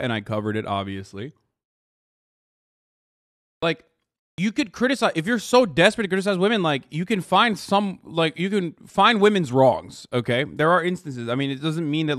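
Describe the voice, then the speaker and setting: Bright-voiced male streamer, sarcastic and swearing, dry close sound. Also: a little high, no echo. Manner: profane, sarcastic, exasperated. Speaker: streamer reacting to clips. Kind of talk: casual commentary.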